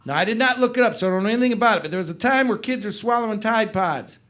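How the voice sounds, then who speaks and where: A man's voice: high voice, rapid-fire. A middle-aged man doing a stand-up comedy set on a club stage, telling stories and joking with the crowd. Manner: animated storytelling with crowd work.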